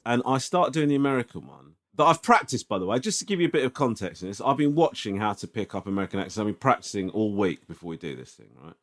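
Animated man telling a story. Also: mid-range voice. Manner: animated, swearing, tag questions. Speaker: podcast co-host. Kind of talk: casual storytelling chat.

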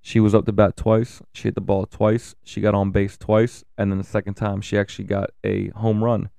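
Talking candidly to camera about his family, a man in his thirties swears freely and stops for filler words. His voice is low, gravelly, dark, and smooth, mostly flat in pitch at normal speed, recorded dry and close with no echo.

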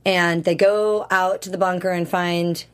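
A woman co-hosting a TV recap show, chatting casually and retelling scenes with quick enthusiasm. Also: lowish voice, fairly even intonation, clean tone.

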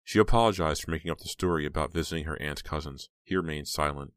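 Very deep-voiced male audiobook narrator. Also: fast, fairly bright tone, clear, resonant tone, no echo, clean studio sound. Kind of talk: scripted narration.

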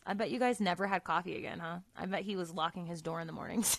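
A woman's voice: lowish voice, normal speed, dry recording. A woman hosting a casual podcast, reading listener stories aloud, laughing often and swearing freely.

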